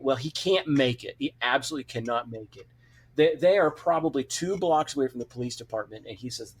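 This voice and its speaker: A man's voice: on the high side, animated, brisk, husky. A man who is a police officer, a guest on a podcast telling a story casually, with many restarts. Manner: rambling storyteller with many restarts and quoted voices.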